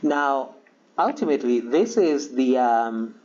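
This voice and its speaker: A man giving a history lecture to a class, halting with many ums and frequent throat-clearing. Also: medium pitch, animated, darkish tone. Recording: dull lo-fi recording with faint hiss.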